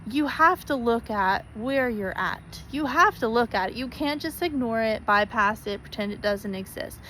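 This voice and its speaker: Talking straight to camera, this spiritual vlogger pleads earnestly with her viewers and repeats points for emphasis. Her voice is fairly high, animated, and sharp at a normal speed, and the rough recording carries a little hiss or hum.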